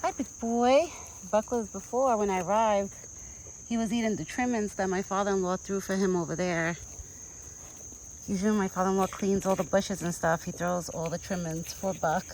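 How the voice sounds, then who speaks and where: A woman's voice: mid-range voice, steady tone, normal speed, a little mellow, slight background noise, rough recording. Chatty young woman vlogging outdoors. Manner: chatty and rambling, raising her voice in a sing-song way when talking to the deer. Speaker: vlogger feeding a wild deer. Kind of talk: casual vlog chat. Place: outdoors at a rural feeding spot. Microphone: phone held in hand.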